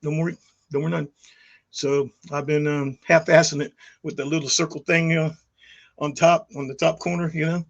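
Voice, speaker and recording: A middle-aged YouTube vlogger speaks straight to the camera in an unscripted vlog, rambling, restarting, and getting heated as he tells his story. His gravelly voice sits a little high for a man, with a flat delivery at a moderate pace, and the highs are cut off.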